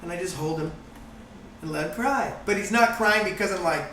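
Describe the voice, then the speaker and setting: A man talking in a casual group conversation, animated and swearing freely as he acts out quotes. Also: high-pitched, a little fast, reverberant, far from the mic, a little hiss or hum, rough recording. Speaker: guest, course founder.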